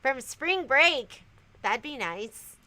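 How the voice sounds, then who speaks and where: A woman's voice: high-pitched, animated, slow pace, bright, forceful tone, low-quality recording. A woman hosting a casual livestream, chatting loosely and reading viewer comments aloud, often trailing off and restarting. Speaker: livestream host.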